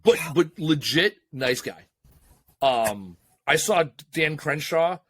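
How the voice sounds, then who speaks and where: A man co-hosting a business podcast, telling stories in a profane, excitable, casual way. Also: a little high, slow pace, a little hiss or hum. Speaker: podcast co-host. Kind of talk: casual chat.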